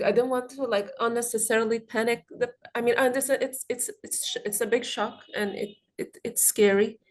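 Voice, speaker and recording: A woman trainee doctor on a video call who speaks haltingly. Her fairly high voice keeps stalling on "like" and "I mean" as she restarts her sentences. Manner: hesitant, many "like" and restarts.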